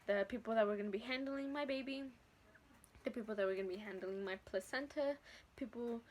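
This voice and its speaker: A woman's voice: a little high, brisk, slight background noise. A teenage woman vlogger telling a casual story from home, blunt and profane with lots of slang. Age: teens.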